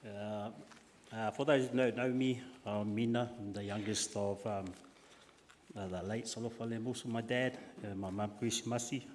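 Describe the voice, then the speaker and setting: A man's voice: on the low side, fairly even intonation, normal speed, slight background noise. Man telling family memories in echoing hall. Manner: warm storytelling with frequent uh and restarts. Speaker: family member giving a eulogy. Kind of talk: funeral eulogy read from notes. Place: church hall. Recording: long echo of a large church hall.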